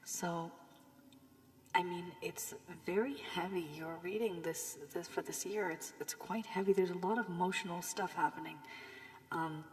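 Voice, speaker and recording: A woman giving a tarot reading with advice, her voice worn from illness, speaking softly and often half-whispering. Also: on the low side. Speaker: tarot reader. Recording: long room reverb, faint background hiss.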